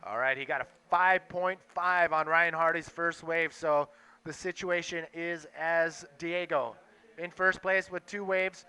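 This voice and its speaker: A young man calling a live sports event, excitable and quick to react to the action. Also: a little high, clear, resonant tone. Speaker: play-by-play commentator.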